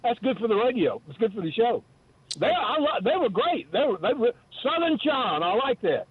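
Very high-voiced man on a tinny phone line. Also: big pitch swings, normal speed, breathy edge. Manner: rambling, stammering, jokey. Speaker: regular caller. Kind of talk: call-in chat.

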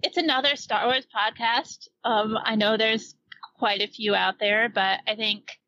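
A woman's voice: a little high, steady tone, unhurried, pushed and bright, no echo, highs cut off. A woman chatting as a podcast guest, chatty and giggly. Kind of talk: casual podcast chat.

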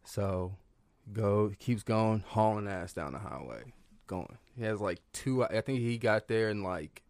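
A man's voice: lowish voice, unhurried, a little mellow, dry recording. A man guest on a podcast, casually telling family stories in a loose, profane way with lots of fillers. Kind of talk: casual storytelling.

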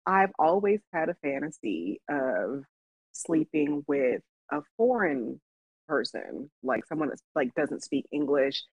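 A woman with a low, husky voice speaks slowly while co-hosting a podcast in Las Vegas, telling a story in casual chat. She laughs often and gets animated when quoting herself. The recording is dull, lo-fi, and dry, with no echo.

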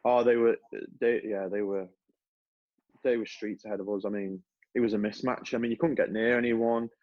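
Low-voiced man telling football stories. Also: moderate pace, no echo, highs cut off. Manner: relaxed storytelling with many restarts. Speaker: guest, former footballer. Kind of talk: casual podcast interview.

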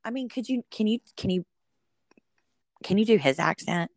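A woman's voice: medium pitch, animated, moderate pace, dry recording, clean studio sound. A woman hosting a casual chat, bubbly and playful, laughing often as she asks questions. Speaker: host.

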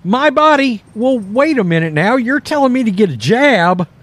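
A man hosting a reaction commentary video, talking in an animated, mocking way. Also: extremely high pitch, no echo. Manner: animated, mocking, puts on quoted voices. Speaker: commentary host.

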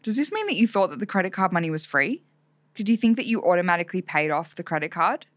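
A young woman co-hosting a podcast in casual chat, animated and swearing freely. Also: lowish voice, fast, no echo. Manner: animated, swears freely, acts out quotes in exaggerated voices. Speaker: podcast co-host.

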